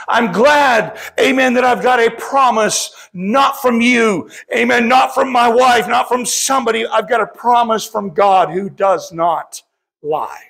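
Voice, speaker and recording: High-voiced gravelly fervent preacher man. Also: a little slow, a bit bright. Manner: impassioned preaching, often calling out to the congregation. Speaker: pastor. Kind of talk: sermon.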